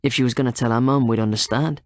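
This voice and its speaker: A man's voice: mid-range voice, steady tone, fast talker, dry recording, clean studio sound, close to an everyday voice. A man voicing a male police detective who interrogates a suspect, needling and accusing in turn. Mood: insinuating. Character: male police detective, coaxing then menacing.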